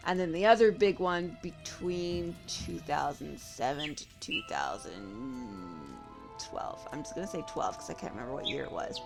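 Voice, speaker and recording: A woman's voice: sits low, gravelly. A woman from California, streaming a game and chatting casually with her viewers, thinking aloud and answering their comments. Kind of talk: casual live-stream chat while gaming. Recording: game music playing behind.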